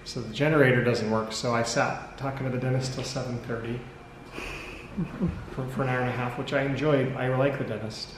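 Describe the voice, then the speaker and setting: An American dad tells a story casually to camera. His delivery is wry and rambling, full of self-corrections, in a mid-pitched voice. The sound is echoey with noise behind him. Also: fairly even intonation, brisk. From United States. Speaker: vlogger, father. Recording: echoey room with background noise.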